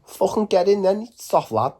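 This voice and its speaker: Man plays a loud, swaggering Liverpool lad yelling through a cell window, pitched high, rough-edged. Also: very animated, normal speed. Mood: hostile taunting. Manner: shouty, taunting, swearing. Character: hostile young male Scouse prisoner, mouthy and aggressive.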